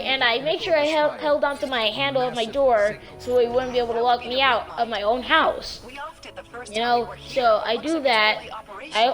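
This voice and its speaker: Slangy young-sounding woman telling a story. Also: a little high. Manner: slangy, rambling, animated retelling. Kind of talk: casual storytime vlog.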